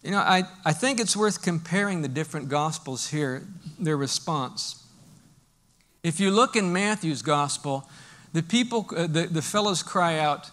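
In his sermon, a pastor recounts stories with lively energy, moving back and forth between booming moments and soft ones. He speaks at a measured pace in a fairly high pitch.

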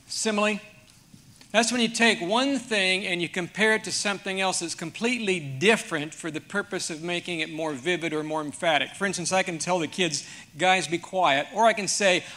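Bright, high-voiced pastor. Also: male voice. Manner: folksy, conversational, asks the congregation questions. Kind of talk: sermon.

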